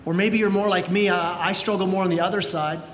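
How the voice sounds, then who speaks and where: A middle-aged male pastor preaching a sermon, energetic, often repeating words as he goes. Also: fairly quick. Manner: energetic, repeats words, acts out quoted voices. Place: large church sanctuary. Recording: echoey church hall with faint rumble.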